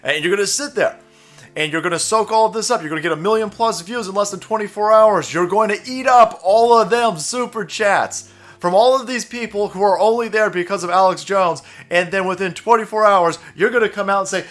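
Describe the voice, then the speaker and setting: Sarcastic, animated man ranting. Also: high-pitched, soft background music. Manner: sarcastic, mocking, swears a lot, mimics people in exaggerated voices; fast, animated, laughing between lines. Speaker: commentary channel host. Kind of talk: ranting political commentary.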